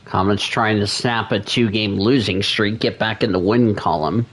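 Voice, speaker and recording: Man, streamer, low voice, relaxed conversational play-by-play. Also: moderate pace, slight background noise. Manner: relaxed, conversational, eating while talking. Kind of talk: casual play-by-play over a video game.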